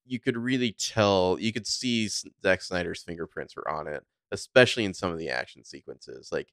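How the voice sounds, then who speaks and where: A man's voice: low-pitched, normal speed, a bit bright, no room sound, clean studio sound. A man co-hosting a casual movie review podcast, opinionated and rambling with lots of fillers. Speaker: podcast co-host.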